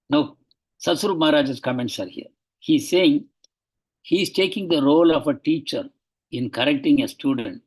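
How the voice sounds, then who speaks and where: A man leads a devotional class, reading passages from a biography and stopping often to explain them. His voice sits a little high and sounds husky and breathy. He talks earnestly, hesitating now and then before pushing his points home with urgency. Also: expressive, a little fast, rough recording. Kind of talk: lecture reading aloud from a biography with commentary.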